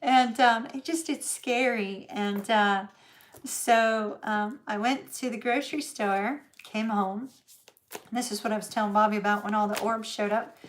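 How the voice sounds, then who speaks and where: A woman's voice: fairly high pitch, fairly even intonation, unhurried, a little hiss or hum. A middle-aged woman, telling a story in a chatty livestream, laughing often and using lots of fillers. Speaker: tarot reader host.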